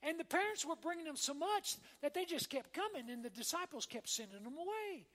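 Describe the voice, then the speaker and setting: A woman pastor delivers a sermon from the pulpit in a homey, conversational way, checking in with the congregation as she talks. Her voice sits high. The sound carries a long reverb, as if it fills a large church sanctuary. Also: lively intonation, a little fast, fairly bright tone. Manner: conversational preaching, often checking in with "all right?" and "amen?".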